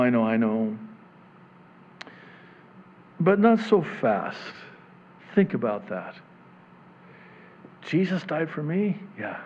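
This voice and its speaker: Slow, impassioned male pastor preaching. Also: medium pitch, dull audio. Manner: swings from hushed near-whisper to loud impassioned preaching. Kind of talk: sermon.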